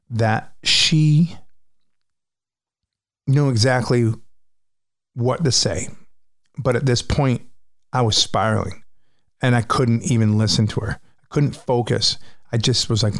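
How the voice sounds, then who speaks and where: A man's voice: mid-range voice, slow, pauses often, a bit bright, no echo, clean studio sound. A man, a musician, frankly recounting a personal story with vivid, profane retelling.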